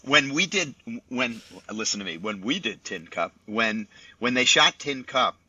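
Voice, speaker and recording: Older male sportscaster, tense bright voice, chatty storytelling, lo-fi dry sound. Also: mid-range voice, unhurried, slightly rough, no room sound. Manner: animated raconteur, chatty with many asides. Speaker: sportscaster guest. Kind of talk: podcast storytelling. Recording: dull dry lo-fi audio.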